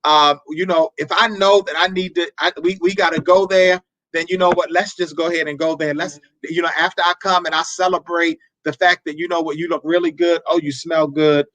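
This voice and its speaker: A man hosting a marriage advice show, talking in a preacherly way, repeating words and breaking into animated asides. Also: a little high, fairly quick, no room sound, poor audio. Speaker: marriage talk show host.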